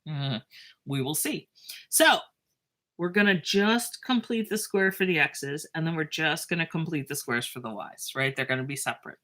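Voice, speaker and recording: Here a woman with a low voice walks through math, poking fun at herself as she chats. Her delivery slows and stretches while she writes, broken up by lively side comments.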